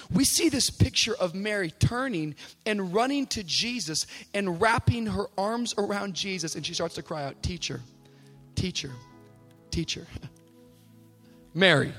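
A man preaching a sermon, moving from conversational asides to shouted, rising declarations, with jokes along the way. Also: high voice. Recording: live hall reverb with faint music.

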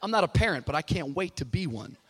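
A man's voice: a little high, sing-song, fast talker, slightly rough, long reverb tail. A young man preaching a sermon to a live church audience. He opens with comic stories and builds to fervent, half-sung preaching.

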